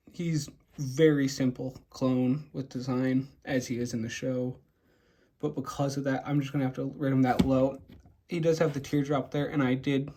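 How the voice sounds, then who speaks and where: This young man's voice sits on the high side and sounds warm. Casually presenting his custom toy figures and giving each a rating, he rambles along, often restarting and filling pauses.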